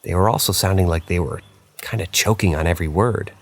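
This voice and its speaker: A man with a very deep voice reads horror stories aloud at a brisk clip. He keeps it casual and chatty, now and then dropping in offhand asides.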